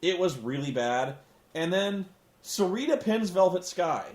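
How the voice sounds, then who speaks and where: Sarcastic high-voiced man ranting, roomy sound. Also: a little slow. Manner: sarcastic, animated, swearing. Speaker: wrestling show reviewer. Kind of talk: comedic recap rant.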